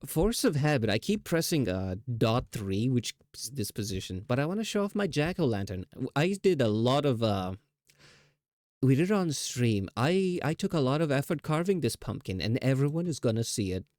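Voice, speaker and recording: Lively chatty male streamer, dry sound. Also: medium pitch, moderate pace, no echo. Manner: rambling, chatty, self-teasing with laughs. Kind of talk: casual live stream chat.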